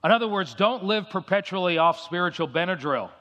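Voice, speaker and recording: A middle-aged male pastor delivering an emphatic sermon in a fairly high voice, driving his points home through repetition. His words carry a long reverb trail, as in a large church hall. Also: animated, sharp tone. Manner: emphatic, repeats key phrases, reads scripture slowly.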